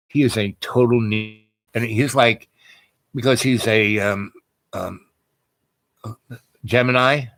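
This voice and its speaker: A man tells a long personal story in an easygoing, meandering way. He keeps circling back with restarts and filler words, his voice at an ordinary middle pitch. The recording is close and dry, with no room sound. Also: a bit bright, dry recording. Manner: rambling, digressive, many fillers and restarts.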